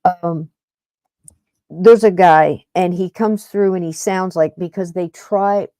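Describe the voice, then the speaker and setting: Woman podcast host, mellow and lowish, chatty and meandering, dry studio sound. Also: steady tone, slow, no echo. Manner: rambling, chatty, self-interrupting. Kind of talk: casual paranormal podcast talk.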